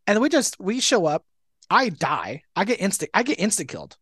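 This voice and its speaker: A man co-hosting a casual gaming podcast, telling rambling, animated stories full of swearing and filler words. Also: sits high, moderate pace, husky, no room sound, clean studio sound. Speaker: podcast co-host. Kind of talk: casual chat.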